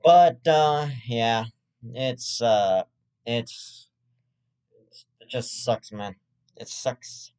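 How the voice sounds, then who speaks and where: A man in the middle of a rambling, foul-mouthed comedic rant as the host of his own web show. He stumbles and restarts often, and his voice sits at a middle pitch. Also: expressive, extremely slow, long pauses, a little mellow, clean tone. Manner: profane, rambling, with frequent restarts.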